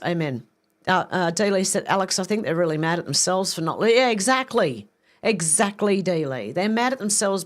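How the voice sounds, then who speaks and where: A woman hosting a live stream, reading viewer comments aloud and reacting with quick asides. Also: fairly low pitch.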